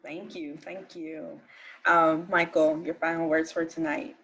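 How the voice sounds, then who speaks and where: A soft-spoken, gracious woman moderating a panel on a video call. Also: low-pitched, level tone, a little slow, highs cut off.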